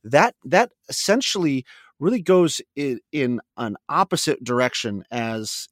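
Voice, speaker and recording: A man's voice: mid-range voice, sing-song, normal speed, no room sound, clean studio sound. A man co-hosting a casual faith podcast, talking in a reflective, searching way. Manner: reflective, lots of fillers and restarts. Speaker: podcast co-host.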